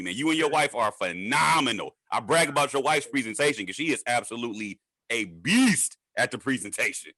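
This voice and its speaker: Animated man from Detroit, bright voice. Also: medium pitch, normal speed, dry recording. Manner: animated, joking, stumbles and restarts. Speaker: trading educator. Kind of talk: casual celebratory chat.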